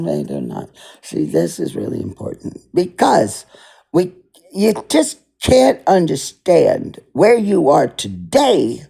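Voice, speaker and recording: Man, dark and husky, rambling indignant political monologue, repeats himself. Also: fairly high pitch. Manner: rambling and repetitive, circles back to the same points. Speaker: political commentator. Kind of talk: unscripted monologue.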